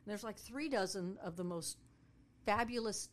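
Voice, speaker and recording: A woman's voice: medium pitch, moderate pace. A woman telling a story casually, a tour guide who acts out the voices of the people in it. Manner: animated, acts out voices of people in her stories.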